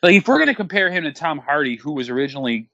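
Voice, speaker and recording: A man's voice: fairly high pitch, big pitch swings, racing, gravelly, pushed and bright, dry recording. A man co-hosting a casual movie-watching commentary show, talking bluntly and profanely with a lot of fillers. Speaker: podcast co-host. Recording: dull, muffled recording.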